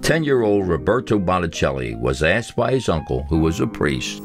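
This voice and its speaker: A man narrating a documentary in a steady, formal scripted style. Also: low-pitched, normal speed. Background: guitar music.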